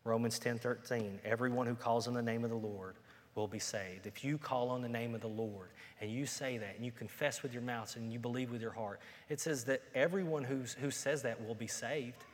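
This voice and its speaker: A man preaching a sermon, moving from plain conversational talk to loud, emphatic peaks. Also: mid-range voice, steady tone, normal speed. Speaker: pastor. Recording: long reverb of a hall.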